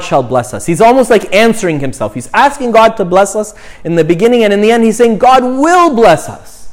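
A man, a young priest, giving an informal, chatty talk on prayer, often checking in with "right?" and "you know". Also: high-pitched.

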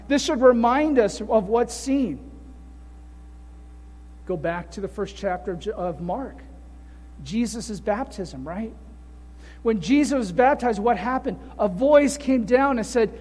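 Male pastor, very high voice, animated storytelling sermon, heard in a reverberant hall. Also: slow pace. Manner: animated storytelling with rhetorical questions.

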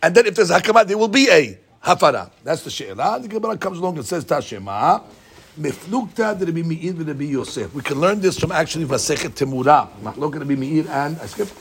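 A man teaching a casual Talmud study lesson. He reads the text off rapidly, then explains it in English, often stumbling and repeating words. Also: a little high, sing-song, fairly bright tone, husky.

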